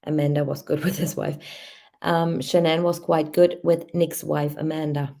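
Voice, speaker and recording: A woman's voice: low-pitched, flat delivery, moderate pace, vocal fry, warm tone. A woman hosting a true crime channel, reading a case timeline aloud and adding hesitant comments with many fillers.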